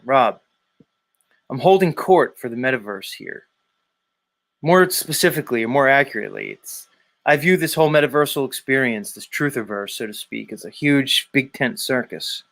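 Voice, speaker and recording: A man's voice: medium pitch, fairly bright tone. A man hosting a daily live stream, reading viewer comments aloud and teasing commenters by name in a rambling, casual way. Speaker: livestream host reading chat.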